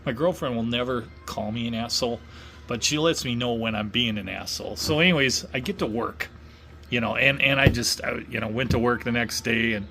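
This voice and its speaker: A man's voice: medium pitch, a little fast, creaky, sharp tone, slight background noise. Rambling man telling a long story. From Wisconsin. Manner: rambling, many fillers and restarts. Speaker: vlogger. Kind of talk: casual storytelling.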